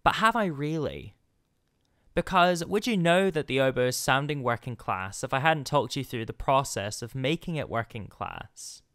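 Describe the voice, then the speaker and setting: A man giving a measured, wry, scripted explanatory narration. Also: mid-range voice, animated, dry recording, clean studio sound. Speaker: composer narrating a video essay. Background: loud oboe music.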